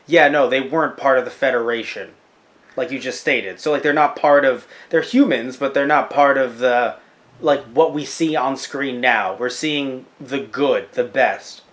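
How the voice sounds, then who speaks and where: A man in a relaxed review podcast chat, talking at a medium pitch. He jokes a lot and hops from one thought to the next, animated and loose. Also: unhurried. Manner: animated, joking, jumps between thoughts. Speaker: podcast co-host.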